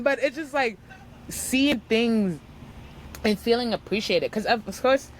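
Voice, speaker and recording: A young woman from the United States, a podcast guest chatting casually and telling animated travel stories. She acts out other people's lines and fills her talk with "like.". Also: a little high, unhurried, slight background noise. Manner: animated storyteller, acts out quotes, says "like" often. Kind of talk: casual chat.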